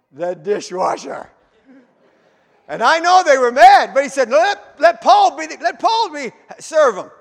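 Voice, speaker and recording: Middle-aged male preacher, very high voice, lively sermon storytelling in a reverberant hall. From Canada. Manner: animated storytelling, rising to shouts.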